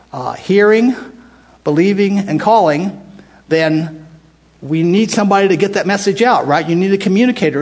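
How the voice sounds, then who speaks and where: Older american man, Bible study teacher, slightly high voice, chatty, stops and restarts. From United States. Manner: conversational, restarts often, asks the group questions. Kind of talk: casual Bible teaching to a group.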